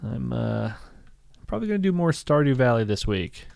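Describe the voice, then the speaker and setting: A man's voice: mid-range voice, sing-song, moderate pace, gravelly, darkish tone. A man chatting casually while streaming a farming game. He muses aloud with dry humor.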